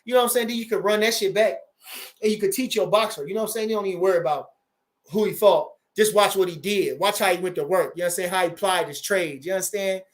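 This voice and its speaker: Animated high-voiced man in his forties. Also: quick pace. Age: 40s. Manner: animated, profane, repeats phrases. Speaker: boxing trainer and livestream host. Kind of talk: casual livestream chat reading viewer comments.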